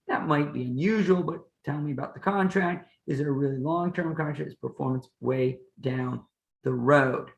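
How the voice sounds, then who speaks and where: A man's voice: fairly high pitch, gravelly, echoey room, rough recording. A man who teaches law, explaining contract rules in a plain-spoken way with playful hypotheticals. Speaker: law professor and podcast host. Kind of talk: explanatory lecture chat.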